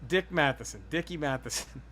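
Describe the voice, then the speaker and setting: A man's voice: on the high side, brisk, fairly bright tone. A man hosting a podcast in casual chat, rambling and profane as he tells a story. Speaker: podcast host.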